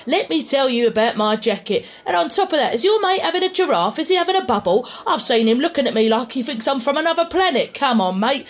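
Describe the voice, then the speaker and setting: A woman's voice: high voice, lively intonation, fast, hardly any pauses. Rowdy Cockney street woman. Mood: ranting. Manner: rambling, shouty rhyming-slang patter. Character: boisterous mad Cockney street woman in pearls. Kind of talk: comedy audio sketch.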